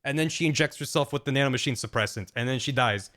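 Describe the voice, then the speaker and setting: A man's voice: mid-range voice, fast talker, fairly bright tone. A young man streaming a casual plot recap, rambling and chatty with lots of fillers. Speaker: streamer host.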